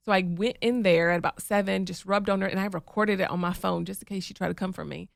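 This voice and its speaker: A woman co-hosting a podcast in casual chat, telling stories in a lively way and acting out the lines she quotes. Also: medium pitch, quick pace, gravelly, hardly any pauses, no room sound, studio quality. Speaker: podcast co-host.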